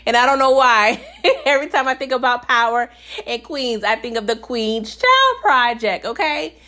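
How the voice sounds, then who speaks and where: A woman giving a casual, animated recap of a TV episode, laughing often and checking in with her viewers. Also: fairly high pitch, moderate pace. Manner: animated, laughs often, keeps asking "okay?". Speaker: recap vlogger.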